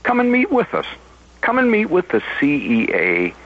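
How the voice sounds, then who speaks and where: A man's voice: sits high, huge pitch swings, normal speed. A man calling into a radio show, speaking earnestly and urging listeners on. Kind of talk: casual phone-in chat. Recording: dull lo-fi phone line.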